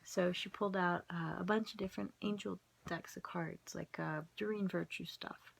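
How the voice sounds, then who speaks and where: A woman's voice: fairly low pitch, fairly even intonation, normal speed, gravelly. A woman vlogger telling a rambling, self-mocking story in a casual way, breaking into laughs.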